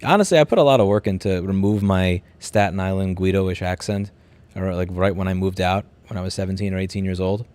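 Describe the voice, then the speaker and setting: Low, dark, and smooth, this man's voice moves briskly with hardly any pauses. He's a thirtysomething livestream host from Queens with a New York accent, reading out viewer comments and bluntly replying, sometimes profanely, while rambling and starting sentences over.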